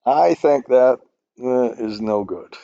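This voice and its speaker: A man's voice: medium pitch, expressive, slow pace, gravelly, warm tone, dry recording, dull audio. A man teaching finance modelling in a screen-recorded spreadsheet tutorial, rambling and self-deprecating as he thinks aloud. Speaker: finance instructor.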